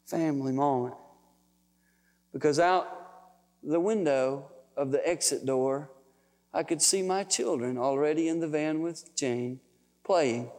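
A pastor with a high-pitched male voice tells family stories in a folksy, emotional way. His sermon rings with long reverb, as in a large hall. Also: a little mellow. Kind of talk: storytelling sermon.

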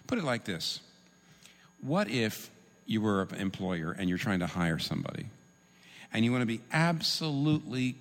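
Lively preacher in a big echoing hall. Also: male voice, lowish voice. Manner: animated, humorous teaching, with asides. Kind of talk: sermon. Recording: long reverb in a large hall.

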